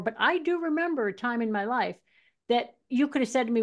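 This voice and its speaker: Woman, podcast co-host, casual storytelling, acts out quotes, laughs often, slightly high voice. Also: quick pace.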